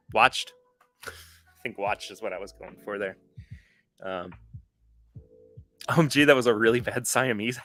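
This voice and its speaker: A man's voice: medium pitch, bright, forceful tone. A man hosting a podcast live stream, chatting casually with his viewers in a rambling way, often correcting himself, and openly tired. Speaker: podcast host.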